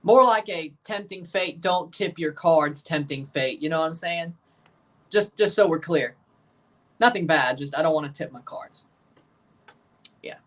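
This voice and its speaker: This Mississippi Delta man streams his reactions to a football match, his fairly high, slightly bright voice picked up from a distance. His casual livestream commentary is playful and rambling, peppered with asides and self-corrections.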